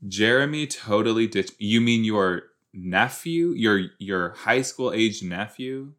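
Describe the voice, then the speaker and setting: A man hosting a casual watch-along podcast, chatty and excitable, talking back at the screen as he reacts to a TV episode. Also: lowish voice, slow.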